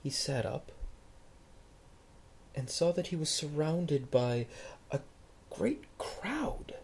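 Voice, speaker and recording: A preacher telling a story in a sermon, dramatic, dropping to a hush and then rising loud. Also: medium pitch, takes it slowly, breathy edge. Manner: dramatic storytelling, swinging between hushed and loud.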